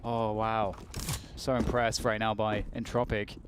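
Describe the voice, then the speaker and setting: A man giving analysis and excited calls as a co-commentator on a competitive shooter match. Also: fairly low pitch, a little slow, noisy background. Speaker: esports co-caster. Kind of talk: color commentary.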